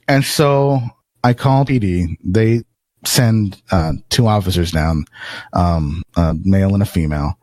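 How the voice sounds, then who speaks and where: A man's voice: lowish voice, unhurried, dry recording. A man telling a long story on a podcast in casual, profane talk, acting out what people said. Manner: animated, acts out quotes, swears often.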